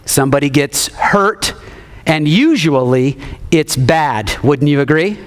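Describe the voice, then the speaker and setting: Male pastor, 30s, lively sermon storyteller who repeats refrains and calls on the room, somewhat high-pitched. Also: slow pace.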